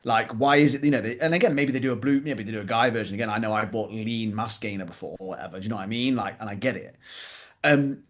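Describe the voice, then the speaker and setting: A British man co-hosting a casual fitness podcast, blunt and animated, swearing freely as he tells stories. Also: lowish voice, fast. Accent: British English. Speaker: podcast co-host, fitness coach.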